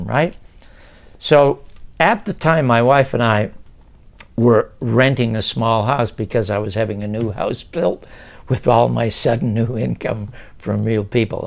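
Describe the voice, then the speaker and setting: Gravelly older man telling stories. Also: lowish voice. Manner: animated, acts out past conversations. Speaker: interview guest recounting his TV career. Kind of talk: casual storytelling interview.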